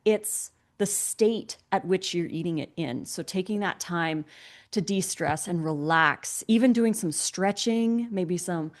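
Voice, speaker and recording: Relaxed woman explaining wellness tips. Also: lowish voice, a little slow. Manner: relaxed, chatty, explains with everyday examples. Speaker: co-host of a wellness summit. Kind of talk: casual conversational teaching.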